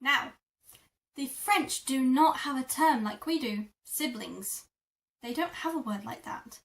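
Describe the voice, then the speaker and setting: A woman teaching French vocabulary in a lesson video, repeating words slowly syllable by syllable. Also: high-pitched, distant mic. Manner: slow, drawn-out repetition of words. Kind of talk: language lesson.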